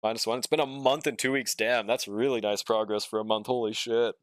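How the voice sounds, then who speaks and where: A man's voice: medium pitch, fairly even intonation, a little fast, no room sound, clean studio sound. A young man streaming a game, chatting casually with viewers and swearing often, and sounding a bit sleepy. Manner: laid-back, drawling, swears often, reads and answers chat. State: yawning, sleepy. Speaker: gaming streamer. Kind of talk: casual live-stream chat while playing.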